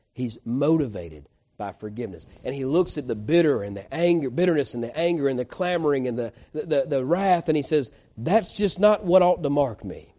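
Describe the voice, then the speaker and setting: Folksy preacher with mellow voice. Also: male voice, mid-range voice. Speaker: pastor. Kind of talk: sermon.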